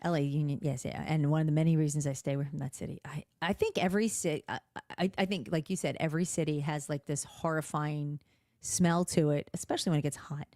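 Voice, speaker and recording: A middle-aged woman co-hosting a casual podcast, animated and expressive as she tells stories. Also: low-pitched, quick pace, dry recording, clean studio sound. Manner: animated, expressive, laughs often. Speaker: podcast co-host. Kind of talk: casual chat.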